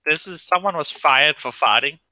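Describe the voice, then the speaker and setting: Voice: medium pitch, normal speed, sharp tone, no echo, low-quality recording. A podcast co-host in a casual chat, brash and teasing.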